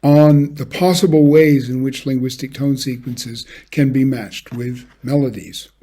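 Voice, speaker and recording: A man giving a measured academic lecture, now and then singing short examples. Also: medium pitch, mellow, husky. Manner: measured, with brief sung examples. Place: home office, recorded for an online lecture.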